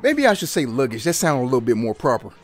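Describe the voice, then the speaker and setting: A man giving excited, trash-talking commentary while playing a fighting game, yelping and laughing often. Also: mid-range voice, fast, faint music behind. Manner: animated, yelps and laughs, trash-talks the opponent. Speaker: gaming channel host.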